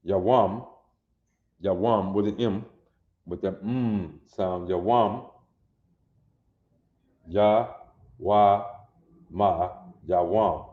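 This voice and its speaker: A man teaching a language class, repeating words and drilling pronunciation insistently. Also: fairly low pitch. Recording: echoey, dull lo-fi room.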